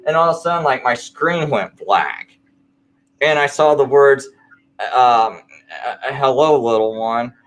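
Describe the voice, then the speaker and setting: Telling his own tale in a laid-back late-night talk, a man sounds animated yet speaks a little slowly, with long pauses. His fairly bright, middle-pitched voice rambles, restarts and relies on plenty of fillers.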